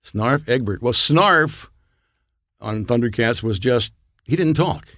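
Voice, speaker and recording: A man's voice: medium pitch, lively intonation, slow pace, a bit bright, dry recording. An older man, a voice actor guest, telling rambling anecdotes with chuckles in a casual podcast chat.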